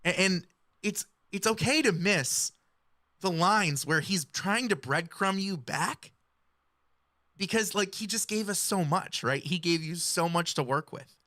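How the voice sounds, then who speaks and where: Bright, dry-voiced male hip-hop commentator. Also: sits high, animated, a little slow, dry recording. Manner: earnest, explanatory, quotes lyrics. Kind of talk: analytical commentary.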